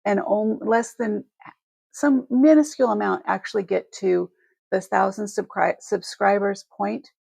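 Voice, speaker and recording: Woman on a live stream, gravelly voice, dry close sound, heartfelt and rambly, almost crying. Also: mid-range voice, fairly even intonation, a little slow, a little mellow, no echo. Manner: heartfelt and rambling, with many restarts. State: emotional, near tears. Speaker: host of a live jewelry selling stream. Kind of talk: live-stream chat to viewers.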